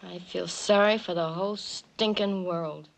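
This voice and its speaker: An actress playing a blunt, world-weary nightclub owner in a 1960s film comedy. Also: female voice, lowish voice, steady tone, unhurried, gravelly. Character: tough-talking nightclub owner, middle-aged woman.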